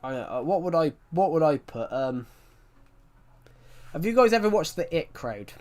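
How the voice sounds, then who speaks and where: Slightly high and sing-song, with a darkish tone and moderate pace, a man chats casually while livestreaming a game. He rambles through stories and frequently corrects himself mid-sentence.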